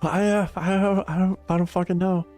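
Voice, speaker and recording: A man's voice: high-pitched, level tone, fairly quick, darkish tone, faint music behind. A middle-aged man chatting casually on a livestream, rambling and swearing, laughing often. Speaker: livestream gamer. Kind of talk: casual chat to stream chat.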